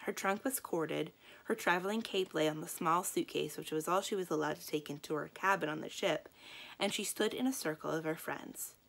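A woman librarian reading a children's book aloud in a calm, expressive storytelling manner. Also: sits low, moderate pace, creaky.

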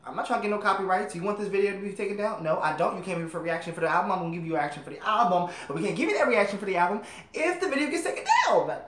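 A woman hosting a casual album reaction, chatty and excitable, talking straight to her viewers from home. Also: mid-range voice, very fast. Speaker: reaction video host. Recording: roomy with faint music behind.

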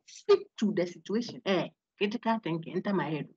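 A woman's voice: medium pitch, normal speed, breathy edge, dry recording, highs cut off. A woman lecturer, giving an interactive online lecture, laughing often and quizzing her students. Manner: animated, laughs often, asks students questions. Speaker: university lecturer.

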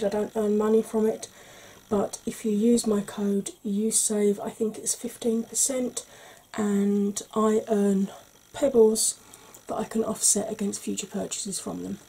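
A woman hosting a soft-spoken ASMR makeup tutorial, chatty and explanatory, sometimes dropping into a whisper. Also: mid-range voice, little pitch movement, unhurried, few pauses, a little hiss or hum, low-quality recording.

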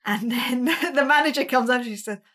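Talking a little fast in a high-leaning, slightly bright voice, a British woman tells a self-deprecating story in a casual way. She's a touring drummer on a podcast as a guest, and she energetically acts out the quotes.

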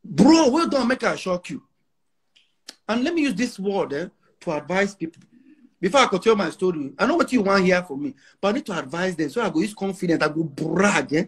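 A man's voice: high voice, animated, a little fast, slightly rough. A man around forty with a Nigerian Pidgin English accent, a musician talking brashly and emphatically in a casual interview, repeating lines for effect. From Nigeria, Igbo. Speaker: musician guest.

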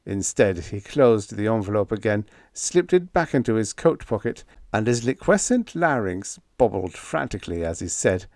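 A man narrating a humorous sci-fi short story in the first person, with an expressive storytelling delivery. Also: on the low side, normal speed, hardly any pauses, no echo, studio quality. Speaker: audiobook narrator.

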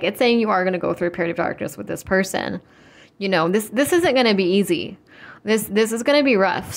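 A young woman giving a casual tarot reading, chatty and full of fillers, blunt and quick to swear. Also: mid-range voice. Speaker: tarot reader.

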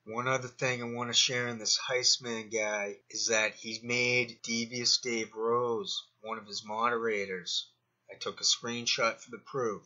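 A man's voice: mid-range voice, pushed and bright, lo-fi sound. A man hosting a commentary channel, digressing as he talks himself through his points in a rambling monologue.

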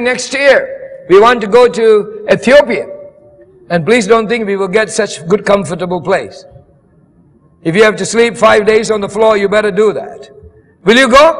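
An older man preaching a sermon as pastor, moving from easy asides to fervent exhortation. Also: high-pitched. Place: church camp meeting hall. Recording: long hall reverb.

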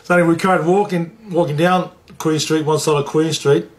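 A man's voice: fairly high pitch, fairly even intonation, fairly quick. Plain-spoken New man telling a story. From New Zealand. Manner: plain-spoken, swears freely, acts out dialogue. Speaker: former rugby league player. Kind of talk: interview storytelling.

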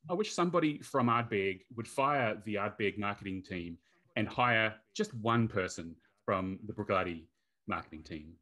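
A man's voice: fairly low pitch, animated, moderate pace, sharp tone. A man with a New Zealand accent, a guest in a casual whisky tasting chat, joking in a dry, self-mocking way.

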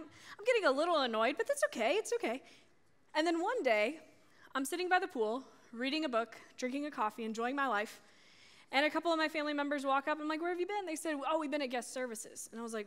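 High-voiced young woman in a reverberant hall. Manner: animated storytelling, acting out family dialogue. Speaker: youth speaker. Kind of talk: storytelling sermon talk.

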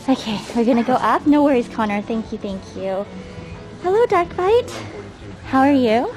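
A woman's voice: a little high, very animated, unhurried, pauses often, over music. A woman livestreaming while climbing outdoor stairs, out of breath, talking through a face mask and chatting casually with viewers by name. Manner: chatty, greets viewers by name, self-deprecating. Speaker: travel livestreamer. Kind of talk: casual livestream chat, reading chat aloud. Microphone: wearing a face mask while talking. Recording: outdoor livestream with background noise.

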